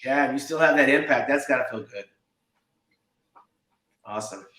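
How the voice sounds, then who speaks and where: A man's voice: medium pitch, moderate pace, pushed and bright. A man in his fifties, co-hosting a podcast and telling stories with enthusiasm. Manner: enthusiastic storytelling. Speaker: podcast co-host. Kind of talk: casual chat. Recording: echoey room.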